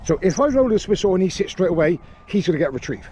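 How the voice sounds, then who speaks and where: A man, a dog trainer, calmly explaining a training session on an outdoor grass field. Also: sits high, fast, dull audio, slight background noise. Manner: calm explaining, with sharp shouted commands to a dog.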